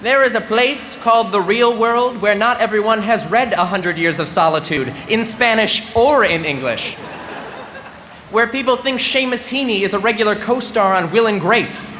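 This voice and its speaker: A man's voice: high voice, moderate pace, sharp tone. A young man in his twenties giving a humorous ceremony speech as a graduating student, with mock-serious comic timing over crowd laughter. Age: 20s. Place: large ceremony venue. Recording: reverberant venue with faint background noise.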